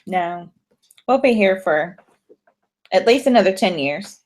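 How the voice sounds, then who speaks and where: A woman's voice: fairly low pitch, a little slow. A woman from Florida, an author as interview guest, chatting casually and telling stories in a friendly way. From Pensacola, Florida. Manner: friendly, storytelling with lively quoted voices. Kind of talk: casual chat.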